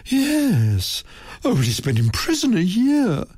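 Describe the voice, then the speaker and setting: A man voicing a distressed young woman who speaks sharply, in a husky voice. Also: high-pitched, huge pitch swings, slow pace, a little mellow, no room sound, studio quality, voice pushed up, heavily acted. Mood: shocked.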